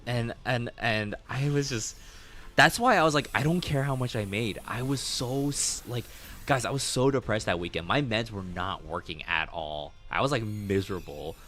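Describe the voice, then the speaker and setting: A man streaming a game while telling a long story in an animated, chatty way, laughing often, swearing, and leaning on lots of fillers. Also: lowish voice, moderate pace, a little hiss or hum. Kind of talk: casual storytelling while gaming.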